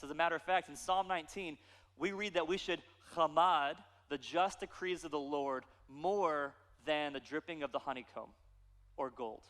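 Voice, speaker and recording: Pastor guy preaching, playful storytelling, lots of echo from the church hall. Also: fairly high pitch. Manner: animated storytelling with playful asides. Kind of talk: sermon.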